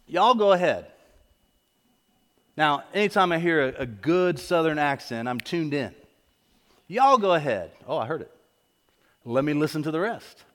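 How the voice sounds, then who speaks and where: Man preaching, pastor, high voice, repeated questions, echoey church hall. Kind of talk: sermon. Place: church sanctuary.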